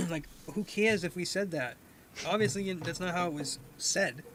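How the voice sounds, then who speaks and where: A man's voice: sits high, moderate pace, background noise. A man co-hosting a livestream, talking casually and dismissively. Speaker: co-host. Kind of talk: livestream chat.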